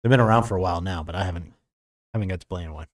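An American man with a fairly low voice, co-hosting a live painting stream. He reads viewer comments aloud in a relaxed way, with a few hesitant fillers. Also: rapid-fire. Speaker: co-host reading chat. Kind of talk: casual live-stream chat.

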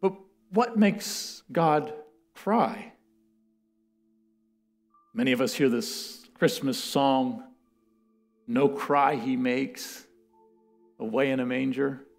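A man preaching a sermon and reading scripture aloud, swinging from loud declarations to hushed words. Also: medium pitch, extremely slow, creaky, pauses often, faint music behind.

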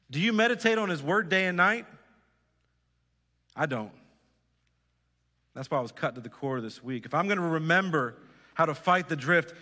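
In a reverberant church sanctuary, a pastor delivers an earnest sermon in a bright, forceful, slightly high voice. He repeats phrases and puts direct questions to the congregation.

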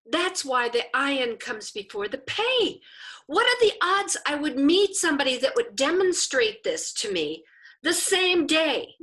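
Lively, bright-voiced woman telling a story in a lesson. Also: high voice, a little slow. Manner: animated storyteller who acts out the people she quotes. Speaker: Bible and Hebrew teacher. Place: teaching a class with a screen.

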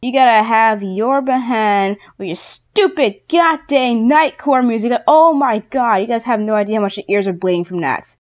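A young woman with a fairly high voice delivers a casual vlog rant. She sounds indignant and exasperated, and her words tumble out fast. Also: dull audio. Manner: indignant, exasperated, quick-talking. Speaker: YouTuber.

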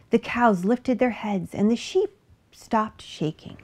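Woman reading a picture book aloud, animated, slow and careful, bouncing pitch. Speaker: storybook reader. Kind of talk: children's story read-aloud.

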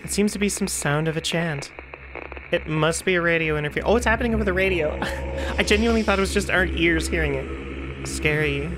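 A woman's voice: fairly low pitch, brisk, noisy background. A woman giving let's play commentary on a horror game, chatty and jumpy with frequent laughter. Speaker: gaming streamer.

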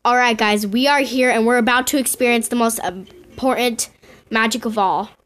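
A woman giving casual game commentary to her viewers in an excitable way, often squealing and gasping. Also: on the high side, moderate pace. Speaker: gaming video host.

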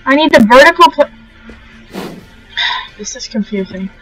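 A young woman hosting a casual let's-play, gushing and excitable as she talks to the animals in the game. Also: sits high, unhurried, poor audio. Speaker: gaming channel host. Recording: faint game music behind.

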